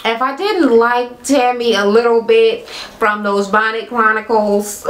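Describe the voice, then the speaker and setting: A woman's voice: on the high side, steady tone, moderate pace, fairly bright tone, a little hiss or hum. A woman vlogger recapping a reality TV episode in a casual, blunt, profane and sarcastic way. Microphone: camera mic. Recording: echoey room.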